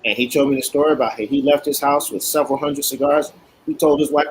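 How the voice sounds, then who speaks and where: A man's voice: mid-range voice, a little fast, a little hiss or hum, low-quality recording. A man who makes cigars, a guest telling stories in casual talk and acting out what others said. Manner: animated, acts out quotes. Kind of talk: casual storytelling.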